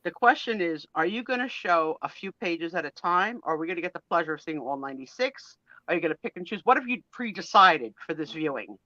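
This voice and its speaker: A woman's voice: fairly low pitch, lively intonation, brisk, sharp tone, no echo, dull audio. A woman hosting a live sale stream in casual chat, enthusiastic, gushing and teasing.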